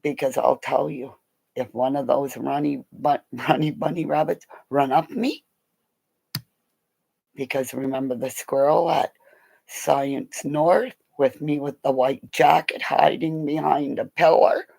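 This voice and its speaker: Gravelly, excitable woman telling stories on a livestream. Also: low voice, a little slow, low-quality recording. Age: middle-aged. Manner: excitable, laughing, swearing, jumping between stories. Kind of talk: casual storytelling on a livestream.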